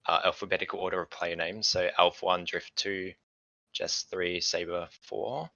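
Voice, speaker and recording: A man running a tabletop game as game master, explaining things in a relaxed way with fillers. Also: low-pitched, normal speed, creaky, no room sound, muffled recording.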